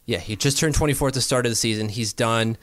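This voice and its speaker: A man's voice: medium pitch, a bit bright, no room sound. Rambling man in casual sports chat. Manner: rambling, doing quick mental math aloud.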